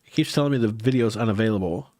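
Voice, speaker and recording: A livestream host with a lowish, slightly mellow voice talks rapid-fire, recorded dry at studio quality. He chats with viewers in a rambling, hesitant way full of restarts, and his nose sounds a bit stuffy.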